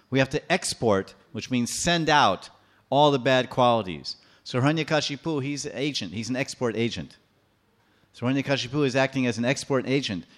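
A man giving a sermon, explaining scripture and acting out the stories in a lively manner. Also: mid-range voice. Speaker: preacher. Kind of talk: sermon with storytelling.

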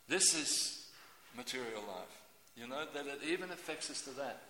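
Man, sermon, theatrical, forceful tone, reverberant hall, faint background hum. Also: mid-range voice, normal speed. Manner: animated, acts out scenes with voices. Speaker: preacher. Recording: echoey hall.

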